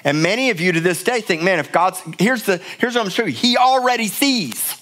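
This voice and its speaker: A man's voice: sits high, lively intonation, fairly quick, a bit bright. A middle-aged male pastor preaching a sermon in a church, emphatic and passionate, often repeating words for force. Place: church sanctuary.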